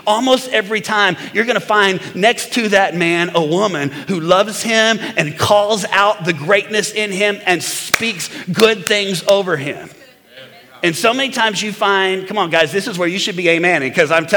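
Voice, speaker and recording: A male pastor preaches with a bright, forceful, slightly high voice. He speaks with lively energy and keeps prompting the congregation for amens. His voice rings out with a long echo through a large church hall. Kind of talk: sermon.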